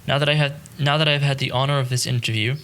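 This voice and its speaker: A man's voice: mid-range voice, steady tone, very fast, fairly bright tone, lightly acted. A man voicing a courteous male official in an audiobook, speaking formally and politely. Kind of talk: audiobook character reading.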